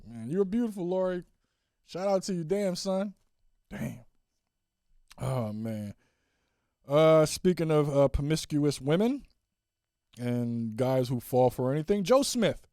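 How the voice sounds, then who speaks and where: A man hosting a solo podcast in a casual, profane rant, swinging from loud exclaiming to low muttering and repeating catchphrases. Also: big pitch swings, measured pace, no room sound, clean studio sound. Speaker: podcast host.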